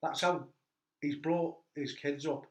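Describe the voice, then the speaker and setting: A man hosting a casual chat, an animated storyteller who laughs at his own anecdotes. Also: a little high, slow. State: hurt back. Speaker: host. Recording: echoey room.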